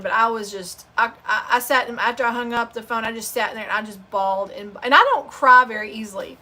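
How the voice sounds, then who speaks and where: A woman hosts a sewing channel livestream and chats in a loose, rambling way. Her stories come out heartfelt and unpolished. Her voice sits a touch high and sounds bright and forward. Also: fairly quick, few pauses. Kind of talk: casual livestream chat.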